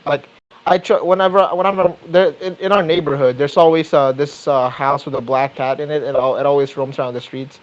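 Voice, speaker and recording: A man chats casually as a podcast guest, his voice sitting a little high. He trips and restarts his phrases often. The recording is muffled and lo-fi. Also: fairly even intonation. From Philippines. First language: Tagalog. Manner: halting, repeats and restarts words. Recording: dull lo-fi mic.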